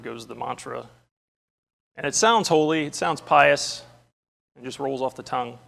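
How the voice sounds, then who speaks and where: A male preacher with a gravelly voice delivering a sermon. He tells a story first, then teaches earnestly and emphatically, quoting scripture. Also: medium pitch, unhurried, long pauses, fairly bright tone.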